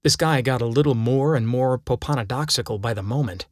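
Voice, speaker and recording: A man's voice: mid-range voice, fairly quick, no echo, clean studio sound. A man narrating his own first-person story, reading it aloud dramatically. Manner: dramatic storytelling with acted quotes.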